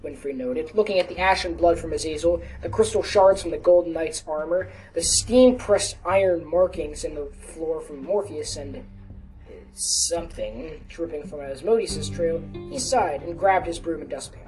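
A woman reading a story aloud in a casual, lowish voice, correcting slips as she goes. She sits some distance from the mic, with faint music under her narration. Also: animated, normal speed, darkish tone. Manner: casual, with small self-corrections. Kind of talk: storytelling reading of a fan fiction.

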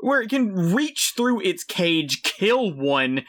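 A man co-hosting a casual film review chat, his voice lively and swooping, with a bright, sharp tone. He gets excitable, swears freely and laughs often. His pitch sits somewhat high for a man. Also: slow pace. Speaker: podcast co-host.

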